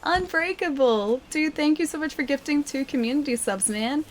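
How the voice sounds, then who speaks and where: A woman streaming a video game, chatting casually and thanking viewers, her voice hoarse as it recovers. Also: high-pitched, moderate pace, slight background noise. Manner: chatty, thanks viewers, reacts excitedly to the fight. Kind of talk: casual live-stream chat while playing.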